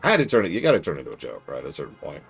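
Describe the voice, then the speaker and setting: A man streaming a strategy game, chatting casually and animatedly, with mock-exasperated outbursts and quiet mutters to himself while he plays. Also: extremely low pitch, wildly swooping pitch, racing, gravelly, soft background music.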